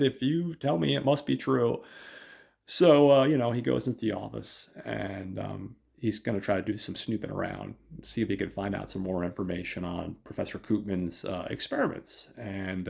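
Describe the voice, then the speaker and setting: Deep, gravelly man hesitantly recapping. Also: darkish tone. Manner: hesitant, many fillers. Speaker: podcast host. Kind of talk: casual episode recap.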